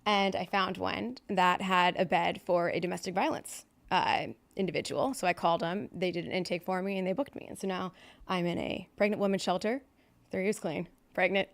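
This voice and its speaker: A woman's voice: fairly low pitch, steady tone, normal speed, vocal fry. A woman in her thirties from Southern California, telling her own recovery story on a podcast in a candid, blunt way with plenty of fillers. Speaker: podcast guest.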